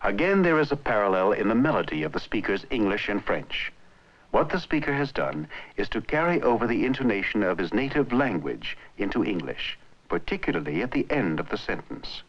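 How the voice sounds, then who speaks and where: A man narrating an educational film in a clear, measured way. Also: lowish voice, sing-song. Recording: muffled old film soundtrack.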